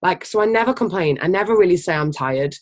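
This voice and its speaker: A team leader giving an animated, casual motivational training talk, emphatic and swearing freely. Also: mid-range voice, fast. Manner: animated, energetic. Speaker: team leader of a health business.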